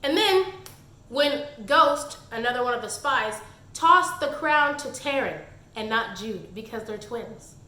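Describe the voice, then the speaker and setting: A woman's voice: fairly high pitch, lively intonation, unhurried, bright, forceful tone. A woman reviewing a book on her channel, exasperated and sarcastic in her critique. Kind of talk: casual book review vlog. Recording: echoey room.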